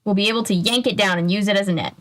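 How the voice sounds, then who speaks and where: A woman's voice: medium pitch, racing, natural voice. A woman reading aloud the lines of a confident young man laying out a plan in a storybook. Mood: instructive. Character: confident young male gang leader, plans things.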